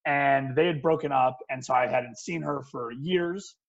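A young man, a podcast guest, telling an anecdote in animated casual chat. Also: medium pitch, normal speed, gravelly. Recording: dull lo-fi sound.

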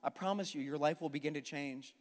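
A man's voice: on the high side, a little fast. A man preaching a sermon and praying, a fervent pastor who builds to impassioned emphasis. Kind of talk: sermon and closing prayer. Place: church sanctuary. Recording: long church reverb with faint music.

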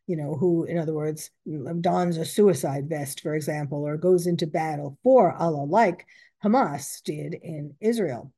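A woman's voice: on the low side, unhurried, warm tone, slightly rough. A woman commenting on news reports, reading out quotes and stopping to correct herself.

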